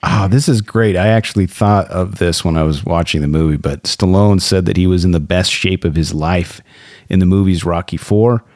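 A man's voice: low-pitched, normal speed, a little mellow, no room sound, clean studio sound. A man hosting a casual movie podcast, upbeat and chuckling between remarks. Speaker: podcast host.

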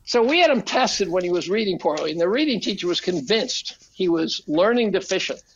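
A man's voice: sits high, fairly quick, muffled recording, a little hiss or hum. An older man, a podcast guest, telling casual stories, swearing freely and acting out quotes. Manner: animated, profane, acts out quotes. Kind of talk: casual storytelling.

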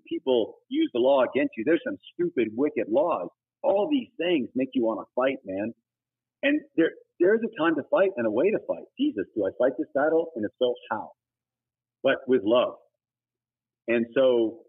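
Man, middle-aged, missionary guest, breathy voice, passionate testimony, sudden loud emphatic peaks, thin phone-quality sound. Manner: earnest and preachy, with sudden emphatic high bursts. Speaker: guest, humanitarian missionary leader. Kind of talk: personal testimony in conversation. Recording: tinny phone-like audio.

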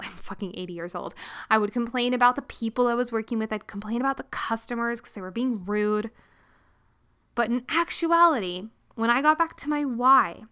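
A young woman hosting a podcast, giving an animated motivational talk, acting out stressed inner voices and swearing casually. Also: on the high side, clean tone. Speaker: podcast host.

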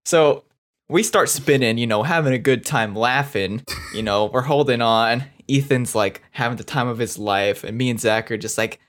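A man's voice: mid-range voice, normal speed, a bit bright. A young man co-hosting a podcast, telling a story in casual chat, rambling with lots of fillers. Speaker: podcast co-host.

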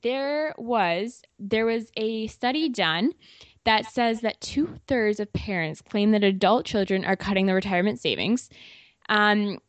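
Woman host, interview questions, dry close sound, mid pitch. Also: unhurried, dry recording. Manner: reads questions from notes, with fillers.

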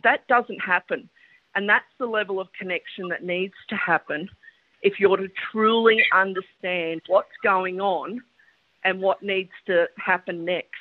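Animated woman over a tinny phone line. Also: mid-range voice. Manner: animated, lively storyteller with quick laughs. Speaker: podcast guest, educator. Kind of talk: storytelling interview chat.

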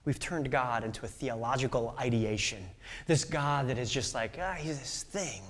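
A male pastor preaching a sermon, telling a story with quoted voices and swinging between loud outbursts and hushed whispers. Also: medium pitch, moderate pace.

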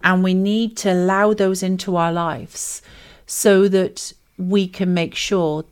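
A woman's voice: lowish voice, flat delivery, slow, clear, resonant tone. A Welsh woman co-hosting a faith podcast, speaking earnestly and reflectively in repeated phrases. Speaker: podcast co-host. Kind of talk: faith-based conversational podcast.

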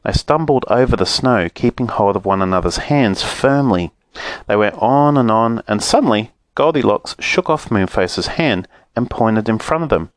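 A man reading a children's storybook aloud with an expressive, animated delivery. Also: on the low side, moderate pace, no room sound. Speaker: narrator.

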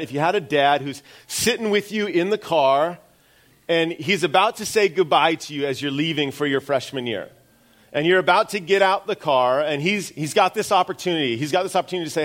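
A man's voice: a little high, animated, normal speed, fairly bright tone. Casual, chatty male pastor preaching. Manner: conversational, self-deprecating asides. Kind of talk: sermon.

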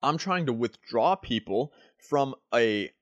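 A man, a fitness coach, talking through a solo podcast in a loose, rambling way and tagging his points with "right?". His pitch sits in the middle range, and the sound is close and dry. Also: animated, takes it slowly, dry recording. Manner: casual, rambling, leans on "like" and "right?".

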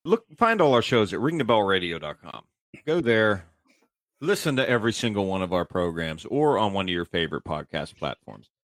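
A man co-hosting a podcast in casual chat, animated and rambling, often stumbling and repeating his words. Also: lowish voice, fairly quick, no room sound, studio quality. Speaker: podcast co-host.

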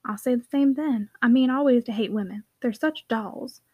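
A woman's voice: a little high, normal speed, slightly rough, dry recording, lo-fi sound. A woman voicing a cynical, swaggering schoolboy who speaks with scorn in a storybook reading. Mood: scornful.

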